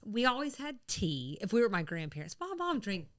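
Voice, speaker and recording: A woman's voice: medium pitch, very animated, a little fast, a bit bright. A woman from the American South co-hosting a podcast, talking in a casual, chatty way with rambling asides and laughs. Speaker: podcast co-host. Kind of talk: casual chat.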